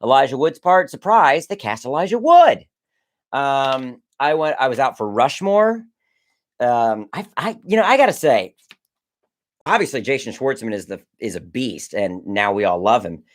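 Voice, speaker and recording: A man in his forties from Maryland, a host, director and former child actor, tells rambling stories in casual chat. His medium-pitched voice is very animated at a moderate pace, and he keeps correcting himself as he goes.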